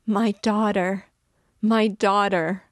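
A woman's voice: on the low side, fairly even intonation, slow pace, dry recording, clean studio sound. A woman reading aloud voices a frantic, grieving old recluse who cries out and pleads in a raised, desperate voice. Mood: ecstatic crying.

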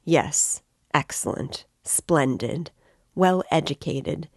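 A woman's voice: deep voice, lively intonation, takes it slowly, creaky, darkish tone, no echo, clean studio sound, full character voice. A woman reading as a feverish, irritable young man. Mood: agitated.

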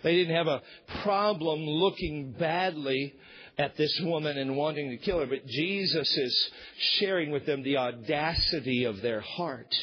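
A male pastor preaches in an emphatic style, climbing to shouted points and then dropping low. His voice sits high and sounds husky. The recording is dull and lo-fi. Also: a little slow. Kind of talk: sermon.

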